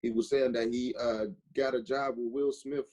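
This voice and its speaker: A man's voice: medium pitch, level tone, normal speed, a little mellow. A man from Chicago, a guest in a casual interview, talking in a laid-back way full of "you know" and "like". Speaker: interview guest, designer and podcaster.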